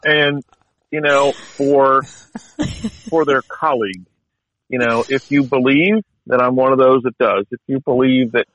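A man's voice: medium pitch, fairly even intonation, measured pace, a bit bright, lo-fi sound. A man telling stories in a casual chat, wry and chatty, with many restarts and fillers.

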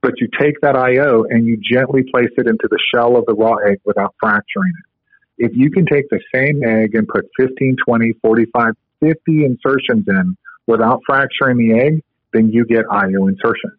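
A man's voice: mid-range voice, brisk, no echo. Man explaining over a tinny phone line. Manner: casual, explanatory, with fillers. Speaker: guest, medical instructor. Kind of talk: podcast interview explanation.

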